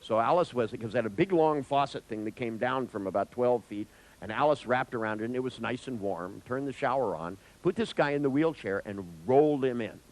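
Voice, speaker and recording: A man telling an anecdote in a lecture, acting out the voices with big jumps in pitch, swearing now and then and laughing at his own tale. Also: brisk, low-quality recording. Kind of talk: storytelling in a lecture.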